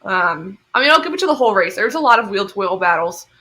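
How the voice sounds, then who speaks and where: Young woman cohost, bright voice, chatty storyteller, laughs a lot. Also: mid-range voice, fast. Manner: animated storytelling with frequent laughs. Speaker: podcast co-host. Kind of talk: casual chat.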